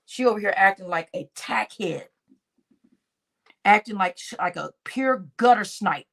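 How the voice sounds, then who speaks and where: A woman's voice: mid-range voice, lively intonation, measured pace, gravelly. A woman hosting a livestream reaction show, talking indignantly and mockingly in casual commentary. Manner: indignant, mocking, repeats lines with laughter.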